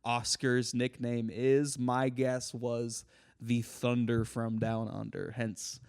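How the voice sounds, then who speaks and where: A man's voice: mid-range voice, takes it slowly, clear, resonant tone. Young man hosting a sports podcast. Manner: animated, running the segment. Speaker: podcast host. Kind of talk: casual sports chat.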